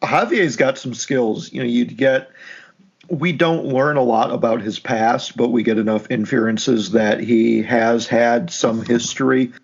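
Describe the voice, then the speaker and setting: A man co-hosting a podcast, talking through a book in a relaxed, chatty way and thinking aloud as he goes. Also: mid-range voice, measured pace, gravelly, slightly rough, highs cut off. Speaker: podcast co-host. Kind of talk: casual book discussion.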